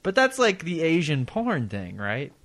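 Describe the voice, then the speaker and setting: A man's voice: fairly high pitch, wildly swooping pitch, unhurried, fairly bright tone, no room sound. A man co-hosting a casual podcast who keeps jumping in with crude jokes and laughs. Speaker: podcast co-host.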